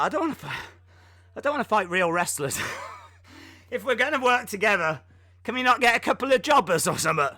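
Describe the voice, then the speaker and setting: A man's voice: high voice, very animated, brisk, pauses often, pushed and bright, no room sound. A man hosting a casual live reaction stream, jokey and self-mocking, and out of breath.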